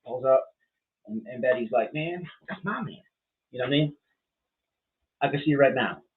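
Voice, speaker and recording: A man's voice: mid-range voice, fairly even intonation, fairly quick. A man hosting a casual livestream, rambling bluntly and with profanity as he reacts to chat, full of fillers and restarts. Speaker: livestream host. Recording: tinny phone-like sound.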